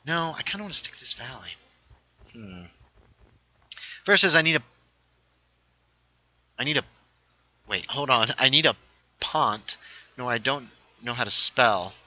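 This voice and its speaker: A man's voice: mid-range voice, animated, measured pace, pauses often, bright, forceful tone, dull audio. A man hosting a casual gaming livestream, thinking aloud as he builds and reading viewer chat aloud. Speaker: livestream host.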